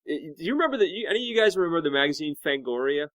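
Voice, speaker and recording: A man joining a podcast panel as a guest, telling jokey, animated stories with many fillers. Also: a little high, racing, no room sound. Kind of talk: casual panel discussion.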